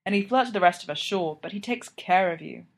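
A man's voice: high voice, animated, brisk, creaky. Woman reading as a blunt young college guy, firm and teasing. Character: tipsy young male college friend, blunt and protective.

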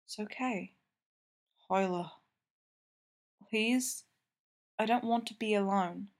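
A woman voicing an eager, submissive young male hockey player who speaks in a soft, hushed, pleading way. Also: medium pitch, slow pace.

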